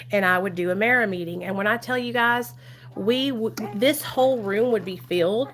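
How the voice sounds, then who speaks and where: Speaking in a mid-range, somewhat bright voice, a Southern US woman in her thirties talks on a home live stream. Her chat is relaxed and affectionate, punctuated by frequent laughter.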